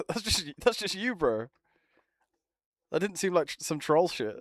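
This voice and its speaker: A man's voice: sits high, big pitch swings, unhurried, dry recording, clean studio sound. Laughing, swearing young man. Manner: swears often, teasing, laughs a lot. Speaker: streamer. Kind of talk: casual banter with friends.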